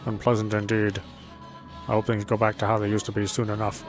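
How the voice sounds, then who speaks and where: A man's voice: on the low side, completely flat delivery, fairly quick, music in the background, close to an everyday voice. A man voicing a protective village father who speaks in a plain, reassuring way, in a fan voice dub of a visual novel. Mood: wary.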